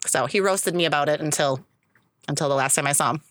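A woman's voice: sits low, fast, a bit bright, a little hiss or hum. A woman casually telling a self-deprecating story, laughing and swearing as she talks. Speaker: storyteller at a memorial gathering.

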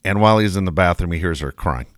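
A man's voice: sits low, quick pace, no echo, studio quality. A middle-aged man co-hosting a casual podcast, telling stories and acting out quotes. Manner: animated storyteller, acts out quotes. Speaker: co-host. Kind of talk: casual storytelling banter.

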